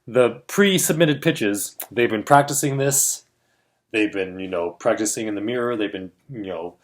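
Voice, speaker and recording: A man's voice: on the low side, moderate pace. A man co-hosting a film industry chat, telling a story casually and animatedly, acting out the voices he quotes and laughing often. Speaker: co-host of a film industry show.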